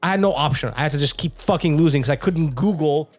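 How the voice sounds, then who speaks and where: A young man co-hosting a podcast, talking casually and swearing a lot as he tells a story in quick bursts. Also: on the high side, dry recording. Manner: profane, fast bursts of storytelling. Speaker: podcast co-host. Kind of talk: casual chat.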